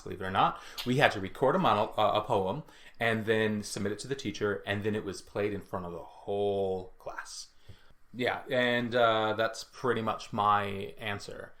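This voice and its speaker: A man co-hosting a podcast, answering briskly and upbeat in casual chat. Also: lowish voice, a bit bright. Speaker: podcast co-host.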